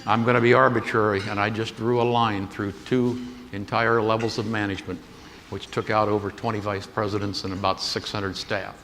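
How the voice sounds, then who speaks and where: A man's voice: on the low side, level tone, fairly quick, fairly bright tone. An older man giving a keynote talk, telling a business story in a folksy anecdotal way and acting out the dialogue. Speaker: keynote speaker. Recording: echoey hall with faint noise.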